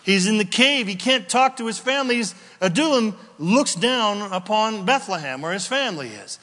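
A male pastor preaching a sermon, emphatic, full of rhetorical questions, sometimes shouting. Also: very high-pitched, animated, moderate pace, long reverb tail.

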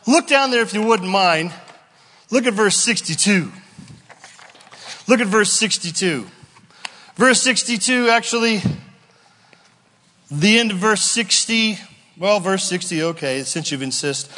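Animated preacher in a reverberant hall. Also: male voice, sits high, slow pace, pauses often. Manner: animated, acts out voices and asides, playful. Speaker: pastor. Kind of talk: sermon.

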